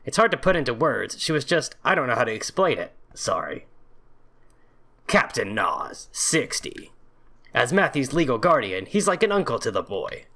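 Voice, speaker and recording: A man's voice: medium pitch, big pitch swings, normal speed, bright, forceful tone. A young man casually commenting on a video game, reading its text aloud, joking sarcastically and swearing often. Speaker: video game let's play host.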